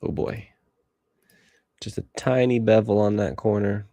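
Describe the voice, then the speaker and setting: A man's voice: on the low side, flat delivery, measured pace, vocal fry, dark tone, no room sound. A man in his thirties streaming live as he edits photos, rambling and talking to himself while he works. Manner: rambling self-talk, musing aloud. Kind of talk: casual livestream commentary while working.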